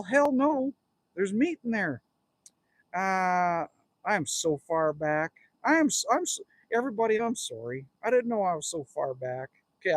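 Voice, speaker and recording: Here the Canadian host, a man in his fifties, has a voice that sits high with a breathy edge, recorded without room sound. Outdoors at his cabin, he rambles and jokes through viewer comments on his casual livestream, talking right to the people watching.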